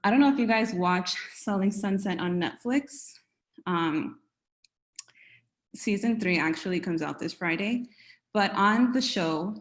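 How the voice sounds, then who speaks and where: A woman from New York, a realtor, giving a friendly conversational presentation, slightly out of breath. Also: lowish voice. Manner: friendly, conversational, uses filler words. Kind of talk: webinar presentation.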